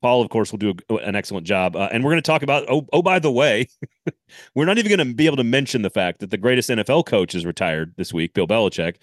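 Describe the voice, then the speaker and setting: A man co-hosting a casual sports podcast, animated and rambling, often laughing and restarting. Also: medium pitch, quick pace, no room sound, clean studio sound. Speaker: podcast co-host.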